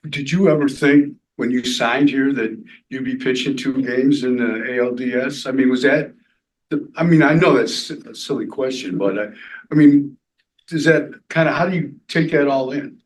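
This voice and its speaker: A man's voice: medium pitch, normal speed, rough recording. A male reporter at a press conference, hesitantly rephrasing his question.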